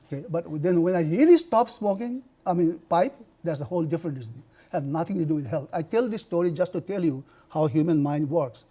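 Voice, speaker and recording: An older man from India giving a university lecture on health, telling personal stories in an animated way, with many restarts. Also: high voice, moderate pace. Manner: animated storytelling with frequent laughs and restarts.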